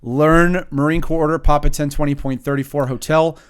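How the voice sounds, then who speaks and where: A man's voice: on the high side, fairly even intonation, brisk, clear, resonant tone. A young man hosting a casual podcast, telling stories and acting out the people in them. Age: young adult. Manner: profane storytelling with quoted voices. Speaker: podcast host. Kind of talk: casual chat.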